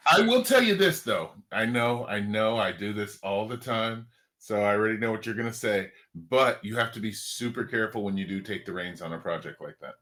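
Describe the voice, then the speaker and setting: A man's voice: lowish voice, animated, a little fast, fairly bright tone. A man hosting a casual video call chat, talking in a rambling way with frequent restarts. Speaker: host.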